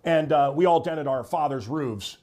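A man's voice: a little high, normal speed, darkish tone, a little hiss or hum. A middle-aged man from Missouri doing a jokey, ranting comedy monologue straight to the audience, full of wry asides. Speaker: comedian host. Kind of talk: stand-up style monologue to camera.

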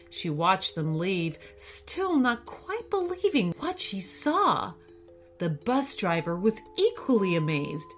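A woman reading a children's bedtime-style story aloud, expressive and unhurried. Her pitch sits a little high and rises and falls a lot. Faint music plays beneath her. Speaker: narrator.

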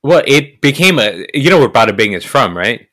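A man's voice: medium pitch, big pitch swings, moderate pace, bright, forceful tone. A man from North Jersey, a guest on a podcast, chatting casually as an eager, teasing fan who asks questions. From North Jersey, USA. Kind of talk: casual chat.

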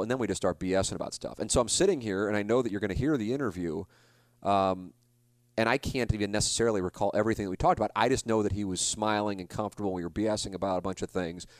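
A man's voice: lowish voice, no room sound. A man in his forties, a sports broadcaster, telling a story alone on his podcast in a rambling, confessional way, full of restarts and self-blame. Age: 40s.

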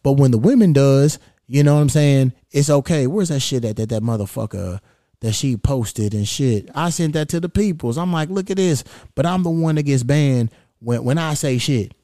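A man's voice: medium pitch, normal speed, mellow, no room sound, clean studio sound. A man hosting a podcast, talking casually and venting in a blunt, profane, frustrated way into a stand microphone. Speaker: podcast host.

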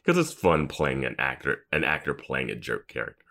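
A man with an extremely deep voice co-hosts a podcast about a TV show. He talks in a relaxed, easygoing way and fills the conversation with quick agreements. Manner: relaxed, agreeable, many short affirmations. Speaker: podcast co-host. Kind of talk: casual chat about a TV episode.

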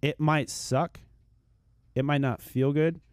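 A man's voice: fairly high pitch, fairly even intonation, takes it slowly, darkish tone, no echo, studio quality. A man speaking as a fitness expert on a podcast, earnest and motivational, often repeating words as he starts a thought. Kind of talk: podcast chat.

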